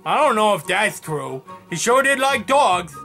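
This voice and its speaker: A man voicing a dim-witted, cheerful male puppet who speaks slowly and earnestly in a comedy sketch. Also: sits high, big pitch swings, vocal fry, pushed and bright, faint music behind, exaggerated voice. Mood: naive. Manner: slow, naive and earnest.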